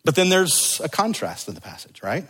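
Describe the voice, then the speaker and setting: A middle-aged man preaching a sermon to a church congregation, moving between urgent emphasis and hushed, slow repetition. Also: fairly high pitch, very animated, husky. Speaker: pastor. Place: church sanctuary. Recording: long hall reverb.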